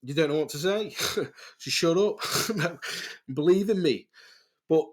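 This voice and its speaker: A man's voice: on the high side, a little slow. A middle-aged man with an English accent hosting a podcast in a casual, rambling way, swearing freely and laughing often. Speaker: podcast host.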